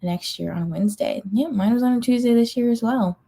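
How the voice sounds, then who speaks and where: A woman's voice: on the high side, brisk, gravelly, warm tone. A woman hosting a livestream, chatting casually and reading out viewer comments, sleepy and yawning, with many ums and little laughs. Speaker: livestream host of reading sprints.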